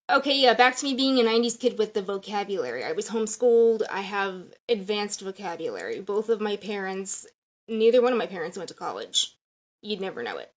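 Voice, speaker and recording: A chatty woman in her thirties rambles through a casual live stream, drifting from one topic to the next. She talks into a phone or webcam, loose and unscripted. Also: mid-range voice.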